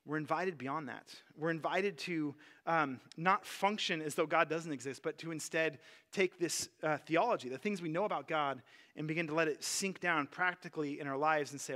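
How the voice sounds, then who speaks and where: A man preaching a sermon in a relaxed, conversational way, often stopping to restart a phrase. His voice is bright and sits a little high for a man. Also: normal speed. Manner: conversational, earnest, many fillers and restarts. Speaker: pastor.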